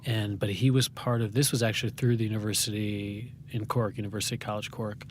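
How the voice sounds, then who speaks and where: American guy rambling through a story, lots of ums, lowish voice, faint hiss behind. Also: little pitch movement, a little fast. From United States. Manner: rambling and self-deprecating, with many fillers and restarts. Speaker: guest playwright. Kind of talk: conversational interview.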